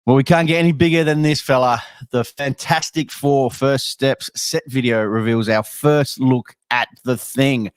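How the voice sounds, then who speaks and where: A man's voice: mid-range voice, steady tone, unhurried, hardly any pauses, clean tone. Upbeat man hosting a movie news chat. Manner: upbeat, short agreeing replies. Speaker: host. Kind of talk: casual chat.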